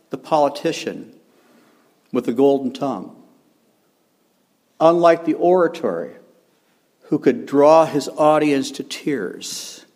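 An older man delivering a sermon in a slightly high voice. He speaks with emphasis, circles back to repeat his points and chuckles at himself when he stumbles. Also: a little mellow. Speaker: preacher.

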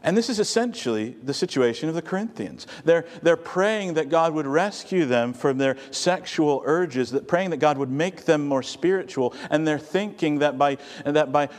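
A man's voice: on the high side, animated, moderate pace, hardly any pauses. Conversational man preaching in a reverberant hall. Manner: conversational, storytelling. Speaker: pastor. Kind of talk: sermon.

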